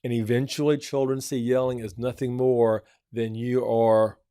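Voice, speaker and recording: A man's voice: mid-range voice, flat delivery, normal speed, warm tone, clean tone, no echo, studio quality. A man on a church program giving earnest parenting advice, often repeating his points for emphasis. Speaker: church family counselor. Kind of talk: advice talk.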